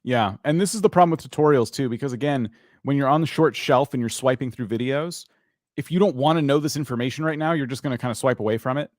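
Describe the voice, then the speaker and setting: A man hosting a live-stream of channel reviews, giving opinionated critiques with jokes and animated asides. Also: mid-range voice, fast, no room sound, clean studio sound.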